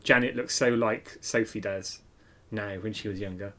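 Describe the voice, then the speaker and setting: A man's voice: lowish voice, fairly even intonation, normal speed, pushed and bright. A man co-hosting a podcast, chatting casually and enthusiastically about an album with frequent ums and restarts. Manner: chatty, enthusiastic, hesitant with fillers. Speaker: podcast co-host. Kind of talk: casual music review chat.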